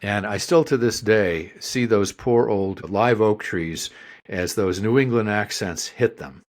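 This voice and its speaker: Low-voiced man telling a wry story. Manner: wry, drawn-out anecdotal telling with comic asides. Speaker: podcast co-host. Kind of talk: casual storytelling.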